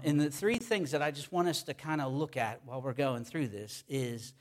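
A man preaching a sermon to his congregation in a casual, enthusiastic way, with many fillers and restarts. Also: medium pitch. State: sweaty. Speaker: pastor.

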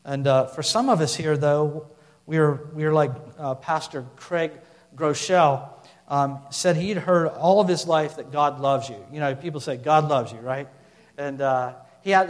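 A man with a fairly high voice preaches a sermon in a loose, conversational way, full of fillers and restarts. Now and then he slows down and leans hard into a point. His voice rings out with the long reverb of a large hall.

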